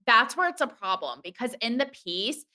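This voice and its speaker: An outspoken woman speaking as a podcast guest, frank and quick to swear. Her voice is bright and forward, pitched a little high for a woman. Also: sing-song. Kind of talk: casual chat.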